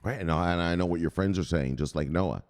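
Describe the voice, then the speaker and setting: A man's voice: low voice, quick pace. A man hosting a crypto channel in a brash, profane ranting monologue. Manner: brash, profane, shouts "bang".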